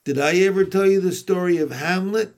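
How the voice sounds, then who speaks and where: A man's voice: high voice, fairly quick, voice pushed up, close to an everyday voice. A man doing a bossy, clever young girl. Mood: bossy, eager.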